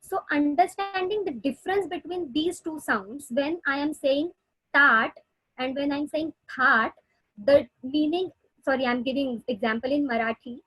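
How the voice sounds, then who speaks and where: A woman therapist lectures in a webinar, her voice high and bright above most. The sound is dry and close, as on a video call. She explains step by step, pausing on fillers and restarting phrases. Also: no echo, poor audio. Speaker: speech therapist presenter. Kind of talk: webinar lecture answering questions.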